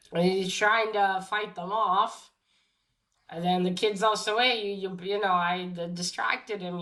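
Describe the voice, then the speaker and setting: A woman giving a casual, halting recap of a comic book story, with many fillers and quick restarts as she acts out the characters' lines. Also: mid-range voice, sharp tone.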